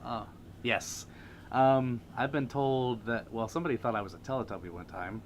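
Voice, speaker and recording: A man's voice: medium pitch, normal speed, a little hiss or hum. A man hosting a casual livestream, reading viewer comments aloud and laughing often. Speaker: livestream host.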